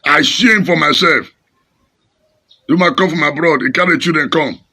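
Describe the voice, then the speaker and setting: A Nigerian pastor preaching in a fiery, scolding, dramatic way, mixing Pidgin and English. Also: male voice, fairly high pitch, normal speed, pushed and bright, husky.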